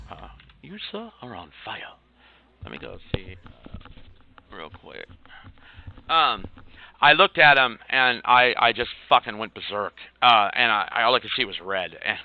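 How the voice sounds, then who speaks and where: A man streaming, telling a story in a rambling, halting way with lots of swearing while he plays a game. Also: lowish voice, no echo, narrow, tinny audio. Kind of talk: casual storytelling while gaming.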